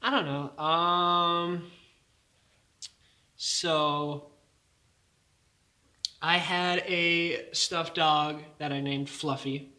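A man's voice: fairly high pitch, steady tone, drawn-out words, long pauses, pushed and bright. A young man chatting casually, rambling with lots of fillers and laughter. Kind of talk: casual chat.

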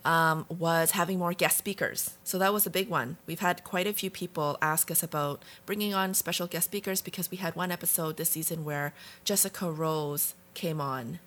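Low-voiced woman cohosting a podcast, frank and thoughtful, swears a bit. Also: steady tone, moderate pace, hardly any pauses, fairly bright tone. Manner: reflective, frank, occasionally swears. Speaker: podcast co-host. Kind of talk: casual conversation.

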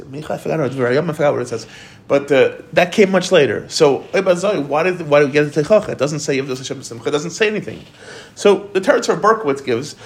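A man giving an informal Torah class, talking conversationally and quoting commentators. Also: fairly high pitch.

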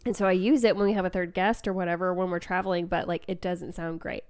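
Woman, podcast co-host, casual chat, slightly congested, smooth clear voice, filler-heavy, laughs often, mic on a stand. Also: on the low side, fairly even intonation, fast, a little mellow. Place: indoor room at a small table. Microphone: microphone on a stand.

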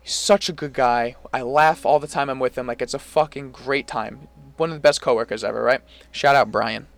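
A young man co-hosting a podcast, casually telling an animated story full of swearing. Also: mid-range voice, brisk, creaky. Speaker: podcast co-host. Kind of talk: casual chat.

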